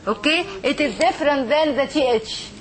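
A woman's voice: sits high, normal speed. A woman teacher leading a classroom lesson, patiently modelling sounds and checking in with "okay?". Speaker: language teacher. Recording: classroom with group of students.

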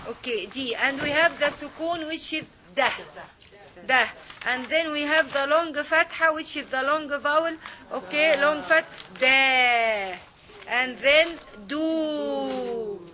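High-voiced woman teaching letters. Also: sharp tone. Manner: patient, repeats sounds slowly for students to echo. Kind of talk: online Arabic and Quran reading lesson.

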